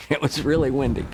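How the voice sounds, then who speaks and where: Relaxed American actor telling anecdotes. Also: male voice, mid-range voice, a little hiss or hum. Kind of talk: casual interview.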